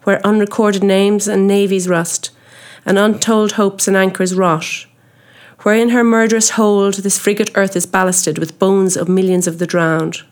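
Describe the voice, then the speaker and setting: A grim, obsessed old sea captain, read by a woman in an audiobook, who declaims in grand, solemn, old-fashioned phrases. The voice sits at a middling pitch and carries weight rather than speed. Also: level tone, unhurried, close to an everyday voice. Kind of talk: audiobook character reading.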